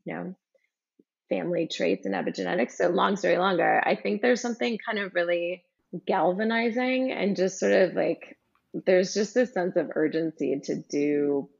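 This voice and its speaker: A woman in her thirties, a podcast guest telling a personal story in a reflective, halting way with many fillers. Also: on the low side, creaky, slightly rough. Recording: dull lo-fi recording.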